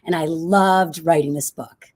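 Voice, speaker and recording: Woman with a low smoky voice. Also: fairly even intonation, a little slow, darkish tone. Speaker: author guest. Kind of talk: conversational interview.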